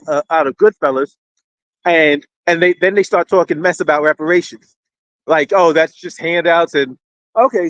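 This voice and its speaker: Guy streaming live, kinda high voice, dead dry room sound, rambles a lot, keeps restarting. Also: dry recording, dull audio. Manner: rambling, repeats words, animated. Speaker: political commentary host. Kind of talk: casual live-stream commentary. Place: indoors near a street with fire trucks.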